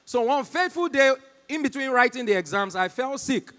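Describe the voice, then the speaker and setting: A Nigerian man with a Nigerian accent doing live stand-up comedy on stage. He tells his stories in an animated way and keeps talking directly to the crowd. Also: very high-pitched, brisk, big-room sound.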